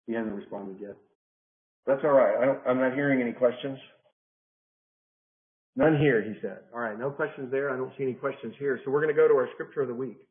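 A man's voice: mid-range voice, quick pace. A man leading a Bible study lesson, talking conversationally and often restarting phrases as he teaches a group in person and remotely. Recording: phone-like narrow audio.

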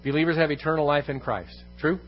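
A man's voice: a little high, fast talker, muffled recording, faint music behind. A man teaching a congregation in an evening Bible lesson, repeating key phrases for emphasis and putting questions to the room. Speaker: pastor. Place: church room.

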